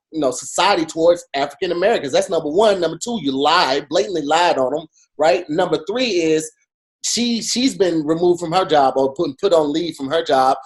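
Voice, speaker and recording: A man co-hosting a podcast in casual chat, emphatic and animated, with many restarts as he talks. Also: fairly high pitch. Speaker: podcast co-host.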